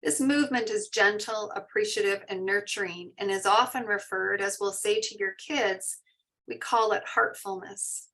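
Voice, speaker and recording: A woman teaching mindfulness in an online session, guiding a meditation and then reading out and answering participants' shares in a soft, slow, soothing way. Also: mid-range voice. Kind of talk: guided meditation and parent info session. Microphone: online video call.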